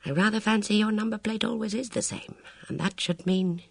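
A reader voicing a reserved, musing police chief inspector in an audiobook. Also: male voice, fairly even intonation, a little fast, creaky, no room sound, studio quality. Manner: low-key, musing.

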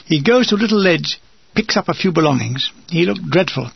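Older man, gravelly husky voice, wry memoir reading, dull dry lo-fi recording. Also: fairly high pitch, animated, fairly quick, no room sound. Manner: dry, wry comic delivery. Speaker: narrator. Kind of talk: reading a war memoir aloud.

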